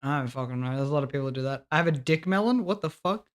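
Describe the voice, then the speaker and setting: A man's voice: mid-range voice, expressive, very fast. A man in casual stream chat, joking and swearing freely. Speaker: streamer guest.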